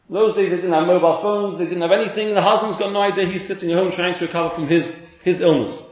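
Male rabbi, high lively voice, acts out his story, roomy hall with faint hiss. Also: fast talker, few pauses. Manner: animated storyteller, acts out the characters' lines. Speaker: rabbi giving a talk. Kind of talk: storytelling talk.

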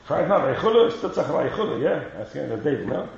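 A man's voice: mid-range voice, expressive, fast talker, creaky. A man teaching a Torah class, questioning his students and chanting the Hebrew texts he quotes. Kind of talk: lively classroom Talmud lesson. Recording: roomy, dull lo-fi class recording with faint hiss.

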